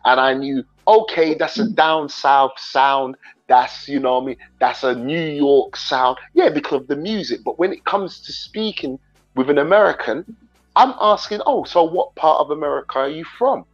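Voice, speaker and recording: A man's voice: medium pitch, normal speed, dull audio, faint music behind. A man from England with a London accent mixed with Jamaican patois, hosting a casual livestream chat and talking straight to his viewers in a rambling way. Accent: London English mixed with Jamaican patois. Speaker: livestream host.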